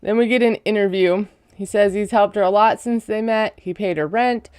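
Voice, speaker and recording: A woman's voice: medium pitch, normal speed, darkish tone, smooth, no echo, clean studio sound. A woman giving a casual, chatty recap of a reality show, full of sarcastic asides.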